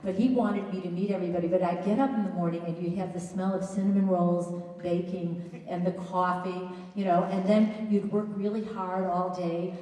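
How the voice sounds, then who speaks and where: A woman's voice: on the low side, fairly even intonation, normal speed, few pauses, dark tone. A woman introducing a guest at a college event in a chatty, enthusiastic speech full of restarts and asides. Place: large hall at a college event. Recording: echoey hall, voice picked up from a distance.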